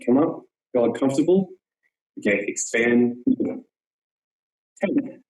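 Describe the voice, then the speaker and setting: A man with a somewhat low voice explains archery technique as a coach in an online webinar. He talks earnestly, repeats words to drive a point home and drops in frequent "yep" check-ins. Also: measured pace, a little mellow, low-quality recording.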